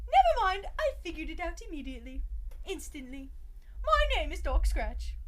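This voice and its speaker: A woman putting on a prissy little British villain who bounces between high, squeaky notes. He is fussy and full of energy. He talks with a pompous, sing-song lilt. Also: big pitch swings, moderate pace, heavy background noise. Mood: mocking. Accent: British, put on.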